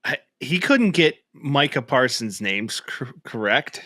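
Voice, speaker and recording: A man's voice: medium pitch, animated, bright, forceful tone, no room sound, studio quality. A man co-hosting a sports podcast in casual, jokey chat. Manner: jokey, quick to do impressions. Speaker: podcast co-host.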